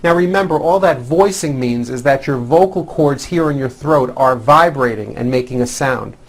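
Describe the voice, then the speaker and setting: This scripted lesson features a man teaching English pronunciation in a mid-range voice, drawing out sounds slowly and exaggeratedly to demonstrate them.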